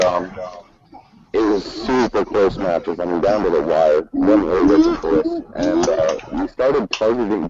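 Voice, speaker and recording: A man hosting a casual gaming chat, rambling with lots of fillers and self-corrections, over a muffled online call. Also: low voice. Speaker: host. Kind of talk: casual tournament preview chat.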